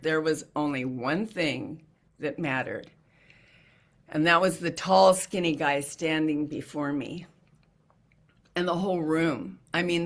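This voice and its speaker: A middle-aged woman giving a heartfelt storytelling talk as an inspirational speaker. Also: deep voice. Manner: earnest, heartfelt, softening to hushed.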